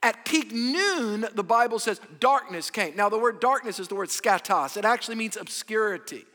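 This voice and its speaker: A man preaching a sermon with emphatic, drawn-out phrases, swinging between loud and hushed. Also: sits high. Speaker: pastor. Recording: echoey hall with long reverb.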